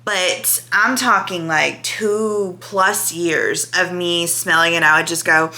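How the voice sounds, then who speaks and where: A woman's voice: fairly low pitch, steady tone, slow, pushed and bright. A woman in her thirties talking candidly and emotionally in a casual reaction vlog to her channel's viewers. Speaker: vlogger.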